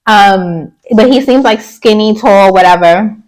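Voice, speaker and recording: A woman's voice: mid-range voice, a little slow, darkish tone, rough recording. A woman giving a casual, opinionated recap of a reality show, chatty and blunt, with sassy asides and mocking quoted voices. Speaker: YouTube reality-TV reviewer.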